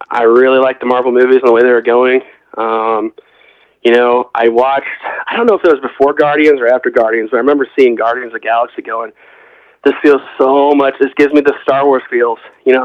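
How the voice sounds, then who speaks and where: A man's voice: mid-range voice, no echo. Man telling rambling stories, dull dry sound. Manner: rambling storyteller, acts out quotes. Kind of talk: casual chat.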